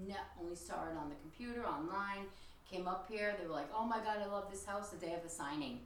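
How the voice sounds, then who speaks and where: A woman guiding a ghost tour of an old house, telling its stories in a chatty, animated way and quoting the people in them. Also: lowish voice. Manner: chatty, animated storytelling with quoted voices. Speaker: tour guide. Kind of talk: guided ghost tour storytelling. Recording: echoey room, voice from a distance, faint hiss.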